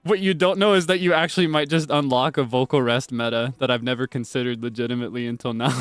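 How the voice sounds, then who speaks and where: A man streaming live gameplay commentary, excitable and chatty, laughing often and swinging between hushed asides and high squeals of delight. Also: a little fast, no echo, faint music behind.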